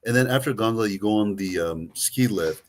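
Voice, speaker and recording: A man's voice: lowish voice, brisk. A man with a Greek accent co-hosting a travel chat, rambling with lots of fillers and restarts. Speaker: co-host, travel agent. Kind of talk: casual chat.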